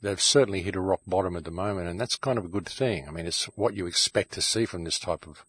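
A man's voice: deep voice, fast, a bit bright, husky, dry recording. A man hosting his own show, delivering an impassioned, ranting monologue and calling his listeners "folks", recorded in a home shed. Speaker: show host.

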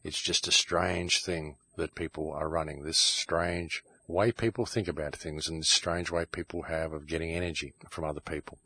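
Husky low-voiced man ranting to listeners. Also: fairly even intonation, normal speed, few pauses, pushed and bright. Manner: ranting, keeps calling listeners "folks". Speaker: show host. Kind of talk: impassioned monologue. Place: home shed.

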